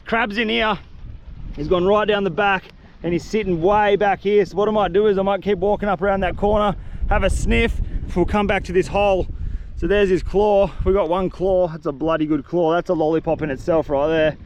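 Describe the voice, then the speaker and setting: Male outdoor vlogger, high-pitched and excitable, self-filmed on a handheld camera with faint background ambience. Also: a little fast, slight background noise, rough recording. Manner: excited, breathless slang-filled chatter. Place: outdoors in mangroves by water.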